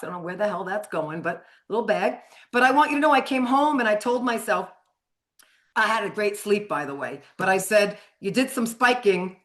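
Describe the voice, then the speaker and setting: A middle-aged woman leads a live online training as a sugar addiction coach. She talks in a chatty, frank way, drops casual swear words and laughs often. Her voice sits at an ordinary middle pitch. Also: fairly bright tone.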